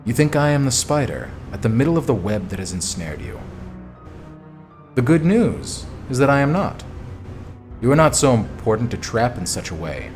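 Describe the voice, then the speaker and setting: A man voicing a mysterious, ageless male vampire who speaks slowly and gravely. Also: mid-range voice, big pitch swings, faint music behind, lightly acted.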